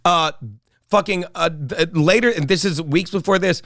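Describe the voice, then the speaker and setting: A man with a high voice co-hosts a podcast and tells a long, rambling story full of profanity. He has a casual, meandering way of talking. The sound is dry and close, with no room echo. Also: normal speed, a bit bright. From South Jersey, United States. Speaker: podcast co-host and comedian. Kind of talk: casual chat.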